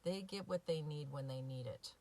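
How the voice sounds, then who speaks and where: In a low, darkish voice at a moderate pace, a recovery coach and podcaster chats openly and from the heart with her audience. Fillers pepper her speech, as does a frequent "right?"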